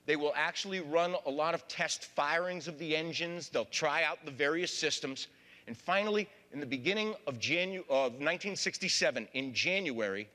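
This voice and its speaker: A man's voice: on the high side, bright, forceful tone. A man giving a public history talk as a lecturer, folksy, often addressing the audience as folks. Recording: long hall reverb.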